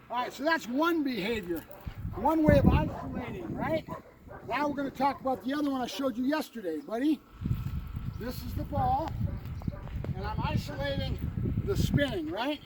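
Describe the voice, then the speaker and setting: A man's voice: very high voice, expressive, normal speed. A man working as a dog trainer outdoors, explaining drills and calling out short commands to his dog, often tagging on "right?". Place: outdoors by a fence and a building. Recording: distant mic with noticeable outdoor noise.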